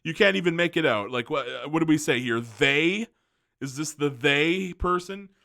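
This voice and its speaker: Ranting man, high bright voice. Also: lively intonation, normal speed, gravelly. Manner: angry, profane, rambling with fillers and restarts. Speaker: commentary video host. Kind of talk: ranting commentary.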